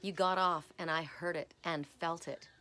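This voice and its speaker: A woman's voice: on the low side, fairly even intonation, normal speed, pushed and bright, slight background noise. A woman giving a casual spiritual oracle card reading, chatty and rambling with personal asides, often tagging her points with "right?".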